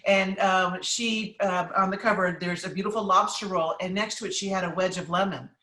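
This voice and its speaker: A bright, forceful-sounding woman chef from New England talks through recipes and audience questions, chatty and emphatic with plenty of ums. She sits a little back from the mic, and her voice carries a roomy echo. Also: medium pitch, steady tone, moderate pace, recorded from a distance. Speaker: chef and cookbook author. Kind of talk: live cooking class Q&A, casual.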